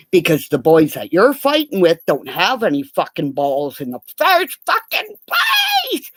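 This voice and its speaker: A woman in a rambling, profane livestream rant that breaks into sudden shouting. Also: medium pitch, no echo, studio quality. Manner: profane, erratic, bursts into shouting.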